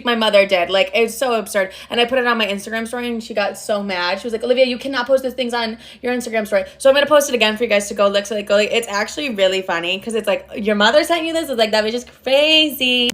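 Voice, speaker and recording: A woman's voice: medium pitch, a bit bright. A young adult woman telling a casual vlog story, frank and profane, rambling with lots of fillers. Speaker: social media storyteller.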